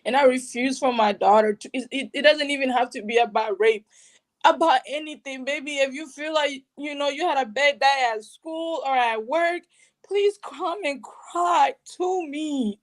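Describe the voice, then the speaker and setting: Woman, high voice, emotional, animated, slangy, from Burundi. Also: moderate pace. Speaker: guest sharing personal story. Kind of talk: emotional conversational interview.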